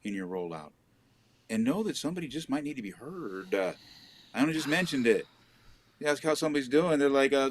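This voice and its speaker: A middle-aged man co-hosting a casual live chat with viewers, speaking earnestly and growing animated when he acts out everyday exchanges. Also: mid-range voice, brisk, a little hiss or hum. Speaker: co-host.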